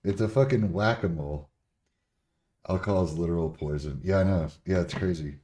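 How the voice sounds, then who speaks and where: A man's voice: deep voice, expressive, fairly quick, warm tone. A young man chatting casually on a livestream, blunt and full of profanity as he answers questions from chat. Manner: profane, blunt, laughs often.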